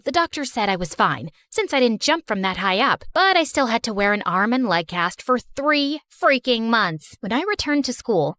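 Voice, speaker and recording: Chatty woman with a lively voice. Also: fairly high pitch, no room sound, clean studio sound. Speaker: story narrator. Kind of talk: first-person story narration.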